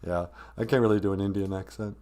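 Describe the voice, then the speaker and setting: A man's voice: lowish voice, steady tone, fast talker, mellow. A man in his fifties hosting a comedy podcast, mocking a video clip in a sarcastic way. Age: 50s. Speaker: podcast host.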